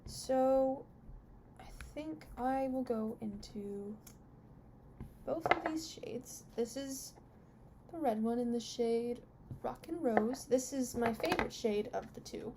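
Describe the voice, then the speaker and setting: A woman's voice: on the high side, dark tone, a little hiss or hum. A young woman, a beauty vlogger, chatting candidly through a makeup review and openly complaining about products.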